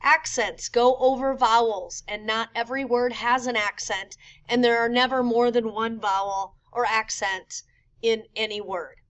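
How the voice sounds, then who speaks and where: A woman teacher explaining grammar rules step by step in a recorded lesson, slowing down to spell out examples. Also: fairly high pitch, fairly even intonation, fairly bright tone, dull audio. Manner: clear, methodical explaining with slow spelled-out examples. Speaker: Spanish teacher.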